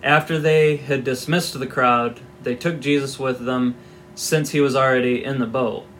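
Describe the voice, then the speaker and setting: A man's voice: mid-range voice, fairly even intonation, normal speed, fairly bright tone, a little hiss or hum. A man giving an informal Bible teaching, reading scripture aloud and explaining it in a conversational, wry way with asides.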